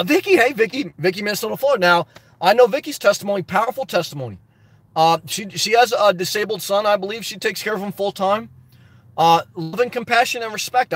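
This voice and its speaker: Male livestream host, very high pitch, animated and preachy, dry close mic. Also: husky, no room sound. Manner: rambling, preachy and animated, laughs often. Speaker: livestream host reading viewer chat. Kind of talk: casual live chat.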